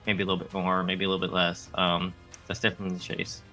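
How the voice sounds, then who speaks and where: Male co-host, bright timbre, relaxed casual delivery that trails off. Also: deep voice, fast talker, faint music behind. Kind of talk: casual chat.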